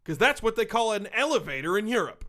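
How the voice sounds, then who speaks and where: A man's voice: high voice, sing-song, quick pace, a bit bright. A young man co-hosting a comedy podcast, dropping dry, wry asides. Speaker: podcast co-host.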